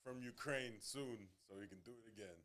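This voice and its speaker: A man's voice: medium pitch, brisk, a bit bright. A man co-hosting a casual podcast, dropping short wry jokes and laughing along. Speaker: podcast co-host. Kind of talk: casual comedic banter.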